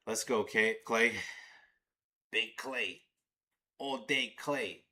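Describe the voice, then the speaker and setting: Bright-voiced excitable man streaming a game. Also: medium pitch, drawn-out words. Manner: excitable, swears, talks to chat. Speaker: livestream host. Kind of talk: live watch-along commentary.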